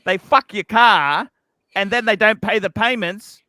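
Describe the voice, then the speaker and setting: A male livestream host rambles through a chat, complaining, swearing freely and feeling sorry for himself. His voice is high, bright and ringing, and he takes his time. The sound is dry and close, with no room sound around it.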